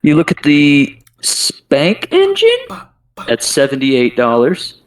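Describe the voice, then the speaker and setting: A man's voice: on the high side, slow pace. Laid-back male podcast host, off-mic. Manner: relaxed, filler-heavy delivery with frequent laughs. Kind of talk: casual podcast banter, reading out standings. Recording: voice a bit distant from the mic.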